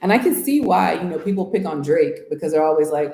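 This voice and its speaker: An earnest woman from the United States thinks aloud in a casual interview, her lowish, mellow voice ringing in a roomy space. She keeps tossing in "right?" as she works through her thoughts. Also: animated, fast talker, creaky. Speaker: interviewee, channel host. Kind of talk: casual reflective interview talk. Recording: roomy echo.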